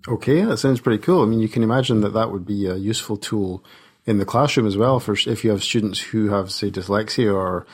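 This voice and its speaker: Fast-talking husky Scottish man. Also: lowish voice. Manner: chatty, uses "wee". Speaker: podcast co-host. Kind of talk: casual podcast chat.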